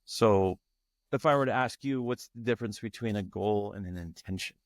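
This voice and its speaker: A man's voice: on the low side, moderate pace, no room sound, studio quality. A man speaking as a guest in an interview, earnest and searching, often restarting his phrases. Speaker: guest, tantra facilitator. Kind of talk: reflective interview talk.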